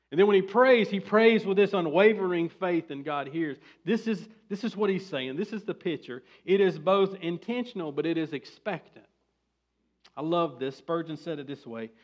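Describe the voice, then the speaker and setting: A man preaching a sermon as pastor, building to emphatic, forceful bursts. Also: fairly high pitch, muffled recording.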